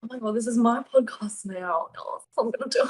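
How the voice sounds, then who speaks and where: A woman's voice: a little high, a little fast. A young woman, a singer-songwriter guest, chatting casually and giggling with lots of fillers. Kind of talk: casual chat.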